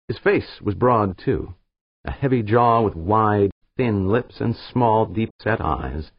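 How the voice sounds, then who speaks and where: A man narrating an audiobook in a steady, measured reading style. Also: lowish voice, breathy edge, dry recording. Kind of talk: scripted narration. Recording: slightly dull, dry recording.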